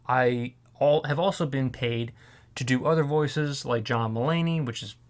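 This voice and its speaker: A man's voice: medium pitch, unhurried, fairly bright tone. Man with a worn-out voice, talking casually. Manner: rambling, with many fillers and restarts. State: voice strained and worn out. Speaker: voiceover artist. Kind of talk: casual vlog talk.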